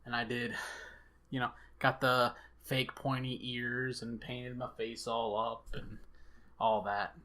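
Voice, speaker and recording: A man's voice: mid-range voice, little pitch movement, takes it slowly, bright, forceful tone. A young man from the Southern United States, co-hosting a casual chat in a hesitant way full of fillers. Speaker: co-host.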